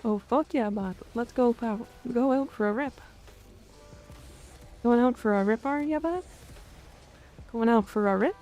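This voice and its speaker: A woman's voice: on the high side, unhurried, pauses often, warm tone, soft background music, close to an everyday voice. A woman briefly putting on a boisterous backwoods guy, calling people "bud". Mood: hearty.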